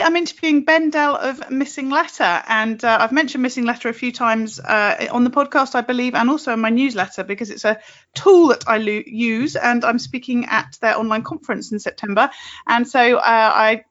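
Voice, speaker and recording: A woman hosting a podcast interview, talking quickly and chattily with frequent laughs. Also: a little high, a bit bright, highs cut off. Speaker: podcast host.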